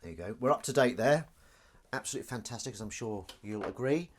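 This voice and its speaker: A man chats on his live stream in a loose, jokey way, poking fun at himself and reading viewers' comments out loud. His pitch sits in the middle but swoops up and down a lot as he talks. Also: lively intonation, fast talker. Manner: jokey, self-mocking, reads viewer comments aloud. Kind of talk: casual live-stream chat.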